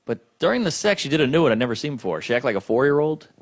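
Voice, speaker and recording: A man's voice: mid-range voice, sing-song, racing. A male comedian doing stand-up with a dry, self-deprecating delivery.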